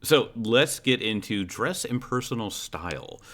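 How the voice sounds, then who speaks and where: A man's voice: medium pitch, animated, unhurried, fairly bright tone. A man running a tabletop role-playing game as game master, talking with many fillers and restarts. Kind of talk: guiding character creation in a tabletop game.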